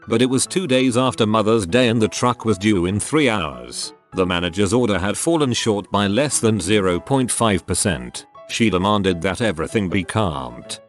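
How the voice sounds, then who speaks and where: A man reading online stories aloud in a steady scripted narration. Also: on the low side. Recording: faint background music.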